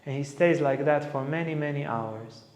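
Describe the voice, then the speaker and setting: In a reverberant hall, a spiritual teacher speaks at a moderate pace in a somewhat high voice. His storytelling talk is animated, and he acts out what each person in the tale says.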